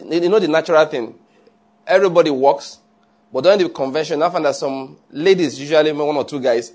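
A man preaching a sermon in an animated way, often checking with his listeners. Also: on the high side. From Nigeria. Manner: animated, asks the audience often.

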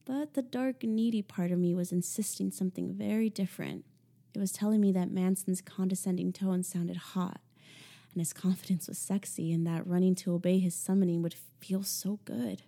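Soft mellow woman reading an audiobook. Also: on the low side, steady tone, normal speed. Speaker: audiobook narrator. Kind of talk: first-person audiobook narration.

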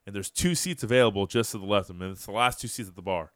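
Low-voiced profane podcast host. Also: male voice, rapid-fire, dry recording, clean studio sound. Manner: profane, animated storyteller. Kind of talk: casual storytelling chat.

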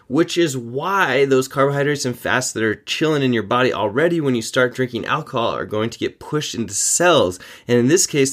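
A man hosting a fitness podcast, talking informally with joking asides and quick self-corrections. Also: mid-range voice, a bit bright. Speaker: podcast host. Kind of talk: casual fitness podcast monologue.

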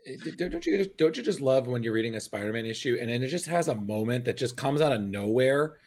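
Excitable man chatting on a podcast. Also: mid-range voice, quick pace. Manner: excitable, swears casually, slips into exaggerated quoted voices. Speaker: podcast guest. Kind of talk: casual comic book podcast chat.

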